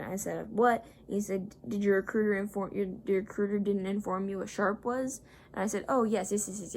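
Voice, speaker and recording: A woman's voice: medium pitch, slight background noise. A young woman vlogger casually retelling a story, rambling and acting out the people she quotes.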